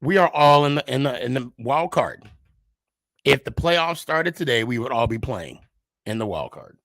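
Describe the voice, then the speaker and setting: A man's voice: mid-range voice, animated, moderate pace, a bit bright, dry recording. A man hosting a podcast, telling a casual, rambling and profane story as a frustrated sports fan who pokes fun at himself. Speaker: podcast host.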